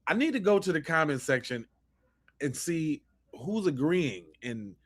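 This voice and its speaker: A man hosting a live podcast, reacting to clips with loud mocking outbursts and slangy banter. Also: on the high side, very animated. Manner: quiet rapid aside to viewers. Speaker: podcast host. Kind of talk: live-stream reaction commentary.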